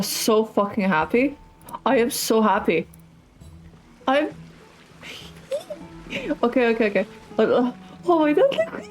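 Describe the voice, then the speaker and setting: A woman's voice: fairly high pitch, poor audio. Gushing young woman streamer. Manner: gushing, excitable, apologizing and exclaiming. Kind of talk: casual gameplay livestream. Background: game music.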